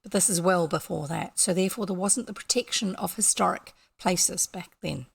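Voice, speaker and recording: A woman's voice: fairly low pitch, moderate pace, vocal fry, slightly rough. A woman from New Zealand with a New Zealand accent, reading a classic children's book aloud and stopping often for chatty, self-correcting asides to her listeners. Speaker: audiobook reader. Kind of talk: casual audiobook reading with asides.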